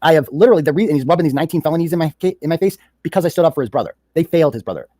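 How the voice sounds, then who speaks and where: A man's voice: on the high side, expressive, rapid-fire, warm tone, dry recording, studio quality. A man sarcastically retelling a text exchange in a casual recap, with a mocking manner. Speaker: commentator reading his own text messages.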